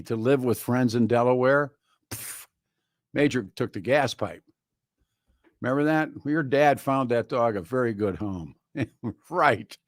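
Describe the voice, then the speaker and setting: A man's voice: medium pitch, no echo. A man hosting a talk radio show in a studio, delivering a rambling, wry monologue full of restarts. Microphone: studio microphone.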